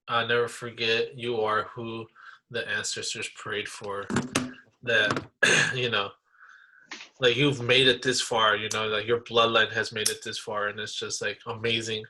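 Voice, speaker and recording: A man's voice: mid-range voice, level tone, measured pace, sharp tone, a little hiss or hum, poor audio. A young man co-hosting a podcast, chatting casually in a laid-back, slangy way and laughing often. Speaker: podcast co-host. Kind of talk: casual chat.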